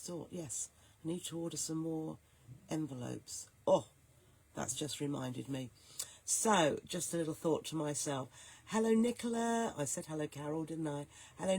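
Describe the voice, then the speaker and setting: A woman hosting a live stream, hoarse and gruff from a cold, chatting and greeting viewers by name. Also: sits low. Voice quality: soft, growly, gruff. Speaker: host.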